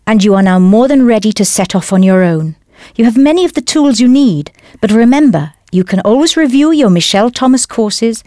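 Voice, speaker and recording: Woman teacher for a studio language course; lively, encouraging delivery, dry booth sound. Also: mid-range voice, no echo. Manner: clear, encouraging instruction. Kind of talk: scripted audio lesson.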